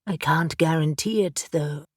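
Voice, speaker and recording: A woman voicing a calm, measured male water-horse familiar spirit in an audiobook. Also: deep voice, husky, no echo, clean studio sound, voice pushed down.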